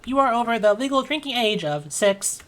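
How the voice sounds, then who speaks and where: A woman's voice: on the high side, lively intonation, moderate pace, voice pushed up, close to an everyday voice. A woman voicing a formal, rule-bound robot doorman who talks in a stiff, officious, polite way.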